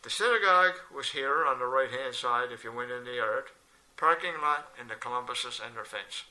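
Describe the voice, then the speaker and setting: An older man telling a casual anecdote, switching into animated voices whenever he quotes people. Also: medium pitch, normal speed, low-quality recording. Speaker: local storyteller.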